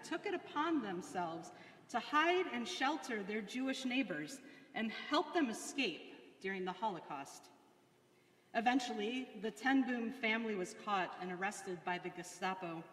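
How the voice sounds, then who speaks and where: A woman leading a short prayer and reading a story aloud in an earnest, measured way. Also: medium pitch, fairly bright tone. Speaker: devotional reader. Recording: long hall reverb.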